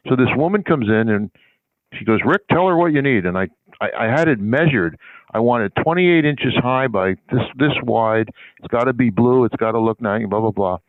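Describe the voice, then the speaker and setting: A man's voice: medium pitch, normal speed, no room sound. An older man, a guest on a sports public relations interview, tells a long anecdote in a rambling, conversational way and acts out the people in his story. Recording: tinny phone-line audio, dry.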